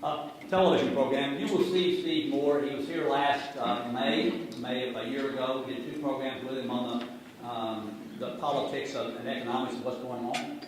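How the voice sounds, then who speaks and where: A man's voice: medium pitch, steady tone, normal speed. A middle-aged man, giving a sarcastic, jokey talk on finance to a live audience and speaking to it directly. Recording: echoey hall from far off, noisy.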